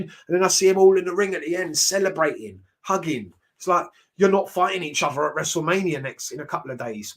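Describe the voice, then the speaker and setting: A man's voice: fairly high pitch, quick pace, hardly any pauses, fairly bright tone. A man, casually reacting to wrestling shows, blunt and ranting, swearing freely.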